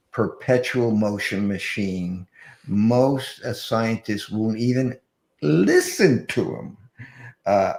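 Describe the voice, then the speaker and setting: A male guest speaker closing his presentation, halting with many fillers and restarts. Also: lowish voice, darkish tone, roomy sound.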